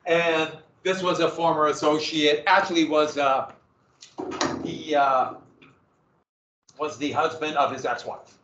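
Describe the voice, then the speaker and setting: Man, presenter, jokey and digressive, slightly high voice, distant, lo-fi roomy sound. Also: fairly even intonation, slow, pauses often, fairly bright tone, a little hiss or hum. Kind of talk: casual slide presentation to a small group. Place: room with a small audience.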